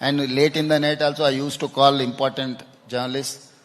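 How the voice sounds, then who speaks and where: A man answering interview questions on stage, halting and repeating words, often ending with "no?". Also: mid-range voice, flat delivery. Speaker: chief minister interviewed on stage. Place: conference hall stage. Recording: long hall reverb.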